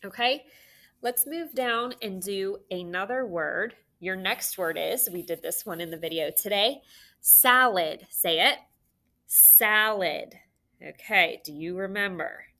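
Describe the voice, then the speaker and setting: A woman teaching a phonics lesson to young children, giving slow, clear, encouraging instructions. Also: medium pitch, pushed and bright.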